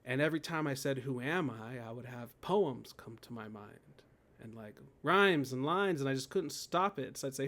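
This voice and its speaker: A man's voice: on the high side, moderate pace. A man in his thirties, a guest in an interview, telling a personal story in a casual way, often laughing and quoting his own thoughts. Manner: laughs often, animated storytelling with quoted inner voices. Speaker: guest, poet and death doula.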